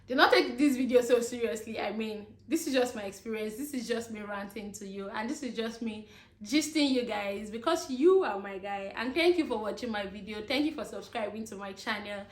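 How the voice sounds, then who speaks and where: A woman's voice: a little high, a little fast, echoey room. A young woman from Nigeria, ranting casually to her viewers and laughing between points. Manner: chatty, laughing asides, addresses viewers as guys. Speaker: vlogger. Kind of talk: casual rant to camera.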